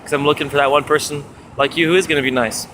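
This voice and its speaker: A young man talking casually and cheerfully to a handheld camera outdoors, chatty and animated as he recounts his day. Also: on the high side, fast. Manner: upbeat, chatty, animated retelling with raised acted quotes. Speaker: street book distributor. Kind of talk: casual vlog monologue. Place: outdoors on a foggy city street. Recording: street noise behind. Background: city traffic and street ambience.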